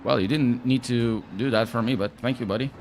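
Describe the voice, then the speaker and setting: Chatty Portuguese-accented racing streamer. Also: male voice, mid-range voice, steady tone, fairly quick, slight background noise. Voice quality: chatty, reacts to chat, wry. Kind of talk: casual livestream commentary while racing.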